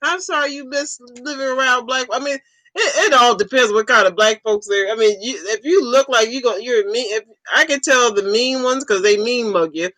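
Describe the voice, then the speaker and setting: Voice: mid-range voice, normal speed, pushed and bright, no room sound, rough recording. Laid-back livestream host in their forties. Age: 40s. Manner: laid-back, chuckling, repeats short replies. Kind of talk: casual livestream chat.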